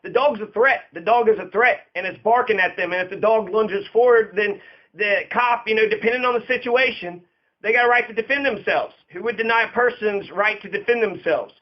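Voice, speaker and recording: A man's voice: high voice, brisk. A man in a casual, profane rant, emphatic and repeating himself for stress. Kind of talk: casual ranting monologue. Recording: dull lo-fi recording.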